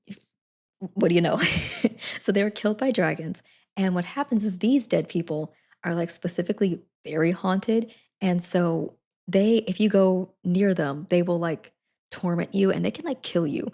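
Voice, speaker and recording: A woman's voice: fairly low pitch, moderate pace, darkish tone. A woman chatting casually to her live stream audience, giggling between sentences. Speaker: Twitch streamer.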